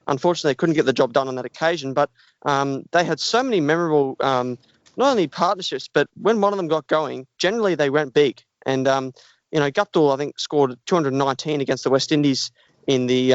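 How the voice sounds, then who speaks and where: A man's voice: mid-range voice, no room sound, natural voice. A man putting on a hammy Kiwi accent. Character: man faking a New Zealand accent. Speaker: podcast co-host. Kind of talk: casual podcast chat. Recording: dull lo-fi dry podcast audio.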